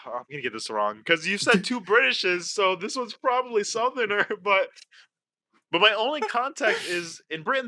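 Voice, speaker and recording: A man co-hosting a casual podcast, talking in an animated, excitable way with swearing and quick asides. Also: sits high, dry recording. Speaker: podcast co-host.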